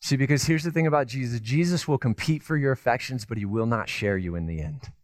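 A man preaching a sermon. He tells stories in a lively, conversational way, with self-deprecating asides, and moves from loud emphasis to hushed tenderness. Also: mid-range voice, fast talker, no echo. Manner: animated storytelling, swinging between loud emphasis and hushed tenderness. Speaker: pastor.

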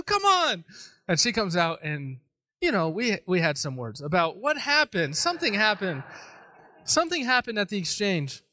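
A man preaching a sermon, telling a personal story in an animated, self-deprecating way. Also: sits high, dry recording. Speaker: pastor.

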